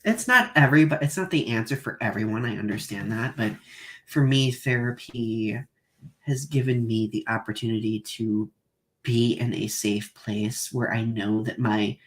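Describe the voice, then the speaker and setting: A young adult man hosting a live podcast in casual chat, talking haltingly with many restarts. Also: medium pitch, a bit bright. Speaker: podcast host.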